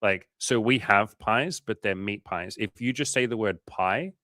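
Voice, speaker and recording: Laid-back Australian man, lowish voice. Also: unhurried, pushed and bright, no echo, clean studio sound. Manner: loose and profane, lots of fillers. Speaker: livestream host and coach. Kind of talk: casual livestream chat reading comments.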